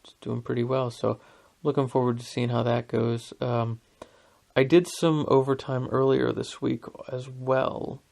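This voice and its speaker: A man's voice: mid-range voice, little pitch movement, unhurried, creaky, darkish tone. A young man hosting a podcast, rambling through a story in a self-deprecating way with lots of fillers. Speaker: podcast host. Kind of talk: casual rambling monologue.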